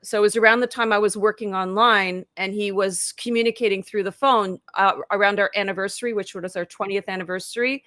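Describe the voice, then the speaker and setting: A woman's voice: medium pitch, steady tone, brisk, few pauses, fairly bright tone, no echo, studio quality. A woman in her fifties, a life coach, telling her story in a casual live interview over a video call, talking chattily with lots of "like" and acting out her own past thoughts. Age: 50s.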